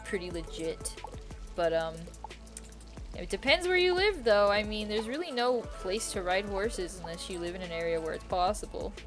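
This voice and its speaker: A woman's voice: mid-range voice, lively intonation, moderate pace, soft background music. Giggly, slangy young woman streamer. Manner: chatty, giggly, slangy and swearing. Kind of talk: casual chat while gaming.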